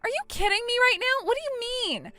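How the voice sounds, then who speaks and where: A woman's voice: high-pitched, sing-song, normal speed, a bit bright, no room sound, soft background music. A woman playing a bratty spiteful sister-in-law. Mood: shocked. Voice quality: mocking, whiny. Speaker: voice actor. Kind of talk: text-message drama reading.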